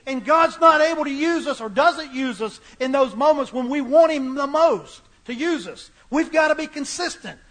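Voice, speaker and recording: A man preaches a sermon with a very high, bright voice. He builds his points through emphatic repetition, returning to the same phrases again and again. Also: lively intonation, moderate pace, hardly any pauses.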